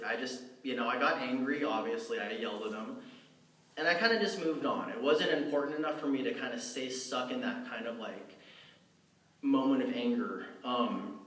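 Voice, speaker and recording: A man speaks at a middle pitch, heard from some way off the mic. The room around him is roomy and echoing, as in a church hall. He tells his story loosely and conversationally, with fillers and restarts. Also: a bit bright. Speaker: lay speaker giving a dharma talk. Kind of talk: personal storytelling talk. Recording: roomy, from far off.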